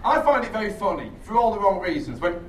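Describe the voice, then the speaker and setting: A man doing a rambling, sweary, self-mocking stand-up set on a theatre stage, with bursts of shrill shouted impressions. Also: very animated, fast talker. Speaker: stand-up comedian. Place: theatre stage with a laughing audience. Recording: echoey live room, distant, audience noise.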